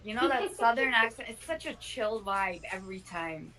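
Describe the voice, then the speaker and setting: A woman chatting casually, easygoing and quick to laugh. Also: mid-range voice, animated, sharp tone, distant mic, poor audio. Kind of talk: casual chat.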